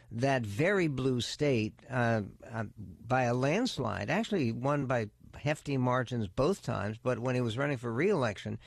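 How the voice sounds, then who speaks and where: A man hosting a talk radio show, giving opinionated political commentary in a measured, deliberate way with emphatic stresses. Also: mid-range voice, gravelly, no echo. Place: radio studio. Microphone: close studio microphone.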